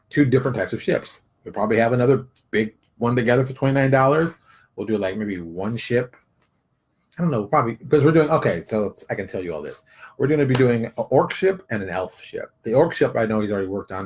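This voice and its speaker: A man in a casual livestream chat as a game publisher and artist, rambling and thinking aloud with animated swings in pitch.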